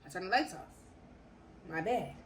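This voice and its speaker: A young woman telling a story to her viewers in casual slang, animated and repeating phrases for emphasis. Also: fairly low pitch, moderate pace, a little hiss or hum. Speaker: storytime vlogger.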